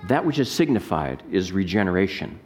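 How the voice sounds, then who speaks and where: A man's voice: low voice, very animated, a little fast, a little mellow, slight background noise. A man, a pastor, preaching a sermon with emphatic rhetorical questions and scripture reading.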